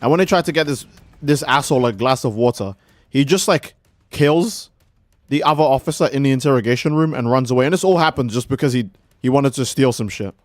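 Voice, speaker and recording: A man's voice: medium pitch, brisk, no room sound. A man streaming a game, rambling in casual, profane commentary and acting out little skits of people. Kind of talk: casual let's-play commentary.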